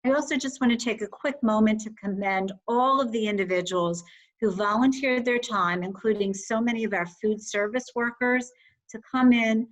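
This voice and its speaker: A woman's voice: mid-range voice, low-quality recording. A woman school superintendent giving earnest, heartfelt remarks at a board meeting.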